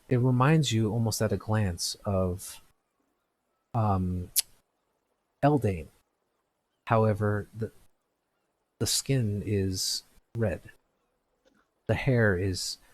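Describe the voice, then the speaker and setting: A man's voice: on the low side, a little mellow. A man narrating a tabletop game as game master, with frequent restarts and fillers. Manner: halting, many restarts and fillers.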